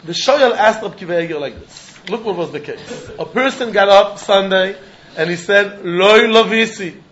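A man's voice: high voice, lively intonation, moderate pace, fairly bright tone, a little hiss or hum. A man teaching a Talmud lesson in English peppered with Yiddish and Hebrew terms, acting out both sides of a legal case in quoted voices. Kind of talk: Talmudic lecture. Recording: dull lo-fi recording.

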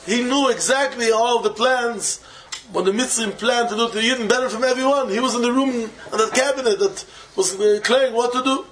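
A man's voice: high-pitched, fairly quick. Man giving a Torah talk. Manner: animated, mixes Hebrew and Yiddish terms into English. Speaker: Torah teacher. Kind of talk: Talmudic discourse with a told story.

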